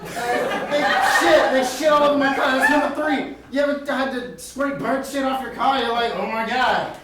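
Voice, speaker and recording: High-voiced man ranting in a club. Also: normal speed. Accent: put-on Brooklyn accent. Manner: brash, rambling mock speech. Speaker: improv performer. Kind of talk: improv comedy scene. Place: comedy club stage. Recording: echoey club, distant mic, noisy.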